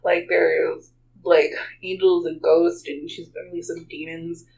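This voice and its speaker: A woman's voice: lowish voice, a little slow, creaky, rough recording. A woman from Texas, telling a story casually with lots of fillers and frequent laughter. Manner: animated, laughs often, many "like" fillers. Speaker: guest storyteller.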